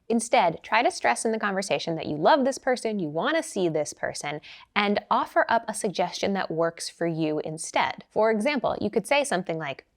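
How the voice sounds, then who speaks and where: A young woman giving casual money advice to camera, chatty and lively as she acts out quoted lines. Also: fairly low pitch. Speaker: personal finance educator.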